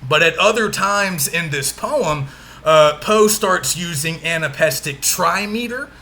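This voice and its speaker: Bright-voiced man giving a lecture. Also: fairly high pitch, expressive, a little slow. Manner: patient, frequent check-ins, exaggerates stressed syllables when demonstrating. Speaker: literature lecturer. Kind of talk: recorded lecture walkthrough.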